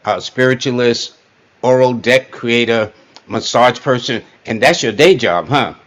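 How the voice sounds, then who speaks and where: A man hosts a casual interview. His tone is plain and matter-of-fact. His voice sits at an ordinary middle pitch. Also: a little slow, a bit bright. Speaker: host.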